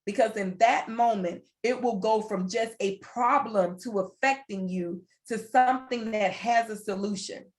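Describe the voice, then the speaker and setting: A woman's voice: on the high side, measured pace, hardly any pauses. This is a woman presenting a workplace wellness session online. She talks through a computer mic in an earnest, encouraging tone. She builds her points by repeating phrases, one after another. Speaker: webinar presenter. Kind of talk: motivational webinar talk.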